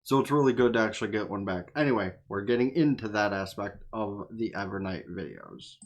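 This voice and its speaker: A man's voice: lowish voice, expressive, brisk. A tired man giving casual reaction commentary as a gaming YouTuber, rambling and offhand, swearing freely.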